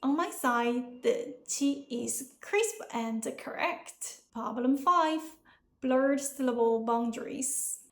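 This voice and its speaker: A young woman with a Chinese accent, a native Chinese speaker, teaching pronunciation slowly and carefully. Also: sits high, reverberant. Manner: slow, careful, deliberate explanation. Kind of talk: pronunciation lesson.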